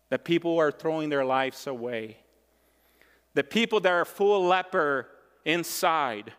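A man's voice: medium pitch, fairly bright tone. A male pastor delivering a sermon with emphatic, repeated phrases. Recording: long reverb of a large hall.

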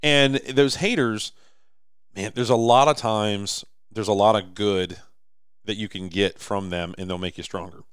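Rambling man telling a story, smooth voice. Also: lowish voice, fairly even intonation, measured pace, no echo, studio quality. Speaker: podcast co-host. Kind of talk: casual chat. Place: indoor office or shop.

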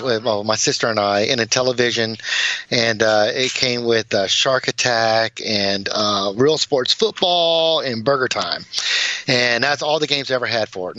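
Bright-voiced man on dull remote audio. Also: mid-range voice, normal speed, slight background noise. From New England. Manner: bright, talkative, easygoing. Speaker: interview guest. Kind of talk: casual interview over a call.

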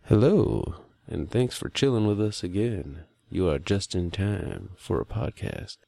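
A man's voice: deep voice, a little slow, vocal fry, mellow, dry recording. A man co-hosting a casual podcast into a headset, laid-back and jokey, laughing often. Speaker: podcast co-host. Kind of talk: casual crude podcast banter.

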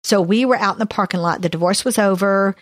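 A woman's voice: mid-range voice, quick pace, no room sound, clean studio sound. A woman, a podcast co-host sharing a personal testimony in an earnest, heartfelt way.

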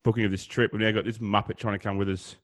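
A man's voice: on the low side, flat delivery, fast. Rambling man co-hosting. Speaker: podcast co-host. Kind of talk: casual banter.

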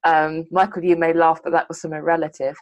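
A woman with a fairly low-pitched voice, talking on a podcast. She reflects aloud in a thoughtful, measured way, weighing her words as she goes. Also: little pitch movement. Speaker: podcast co-host. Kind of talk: podcast discussion.

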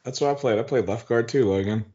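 A man's voice: medium pitch, fast, dark tone. A man trading crude jokes and swearing freely in casual banter while watching wrestling. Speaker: podcast co-host. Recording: slightly dull lo-fi sound.

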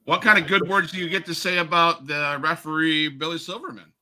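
A man's voice: a little high, steady tone, brisk, pushed and bright. A man hosting a wrestling podcast, asking long rambling questions and stirring up rivalries. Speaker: podcast host. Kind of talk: podcast interview.

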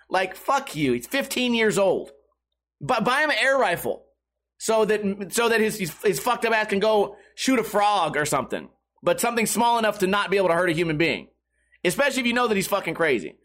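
Young male streamer, high voice, profane and rambling reaction commentary. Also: big pitch swings, a little fast, fairly bright tone. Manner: swears constantly, rambling with many restarts. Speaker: streamer reacting to news articles.

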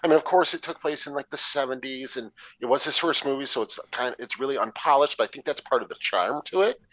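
A man from the Detroit area co-hosting a casual movie review podcast, talking in a blunt, animated and profane way. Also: medium pitch, fast, dry recording, poor audio. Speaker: podcast co-host.

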